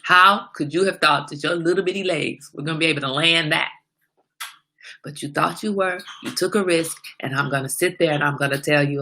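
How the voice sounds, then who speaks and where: A woman's voice: deep voice, fairly quick, sharp tone. A woman hosting a casual livestream, talking emphatically and asking rhetorical questions, like a small sermon. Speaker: livestream host.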